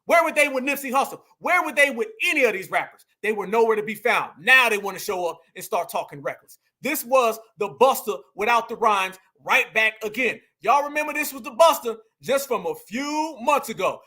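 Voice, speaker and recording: Fired-up high-voiced male commentator. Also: animated, a little fast, few pauses, bright, forceful tone. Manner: emphatic, preachy, repeats lines for punch. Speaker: commentary show host.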